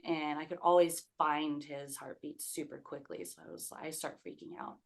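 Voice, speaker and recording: A young woman with a low-pitched voice speaks as a guest on a podcast. She tells her own story in a loose, conversational way, full of "like" fillers, and acts out the quoted words of the people in it. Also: very animated, moderate pace, vocal fry. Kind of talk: personal storytelling.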